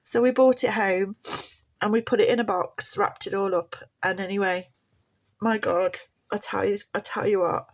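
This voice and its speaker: A woman's voice: medium pitch, steady tone, moderate pace. A middle-aged woman telling a family story in a casual, heartfelt way. She rambles and often repeats herself. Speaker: mother sharing a family story.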